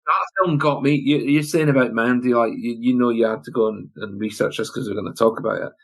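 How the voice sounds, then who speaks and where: British man, husky voice, mid pitch, excitable, repeats words, casual chat. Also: fast talker. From Britain. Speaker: podcast guest.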